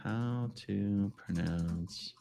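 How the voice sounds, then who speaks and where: A man's voice: on the low side, very slow, vocal fry, a little hiss or hum. A man hosting a live stream, chatting casually and reading viewer comments aloud with jokes and mumbled asides. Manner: lively, swings between loud exclamations and mumbled asides. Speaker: livestream host.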